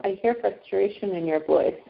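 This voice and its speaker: Gravelly-voiced woman repeating tapping phrases. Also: mid-range voice, normal speed. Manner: reflective, laughs lightly, repeats phrases back. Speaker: client in a tapping session. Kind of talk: candid conversation. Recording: dull, lo-fi sound.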